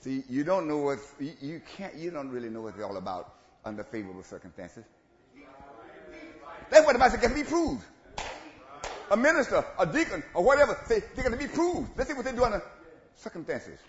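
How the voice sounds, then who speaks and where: A man's voice: big pitch swings, fast. Preaching man in an echoey church. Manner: swings from shouting to low asides, laughs between lines. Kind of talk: sermon. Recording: echoey church room, dull lo-fi sound.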